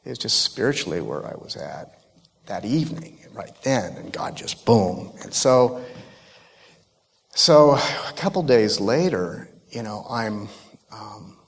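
Halting man giving church testimony. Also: on the low side, animated, creaky, husky, in a large hall. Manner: halting, emotional, many restarts. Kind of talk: personal testimony.

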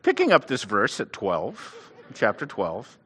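A man preaching a sermon on a lapel mic, telling stories with lively restarts. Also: fairly low pitch, a little slow. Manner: animated storytelling with restarts. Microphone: clip-on lapel mic. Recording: long hall reverb.

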